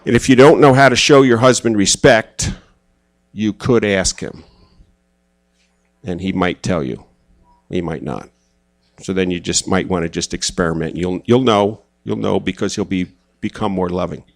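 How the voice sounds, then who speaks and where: A man speaking at a church gathering in a relaxed, conversational sermon style, telling personal stories with self-deprecating humor. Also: deep voice, moderate pace. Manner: casual, self-deprecating, acts out quoted voices.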